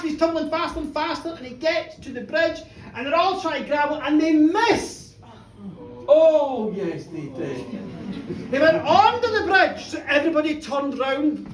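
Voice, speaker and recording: A middle-aged woman spinning a comic tale for a live pub audience, high-pitched and wildly animated, with cheeky asides to the crowd. The room rings around her, heard from a distance with a faint murmur behind. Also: reverberant. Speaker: storyteller. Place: pub bar, live show.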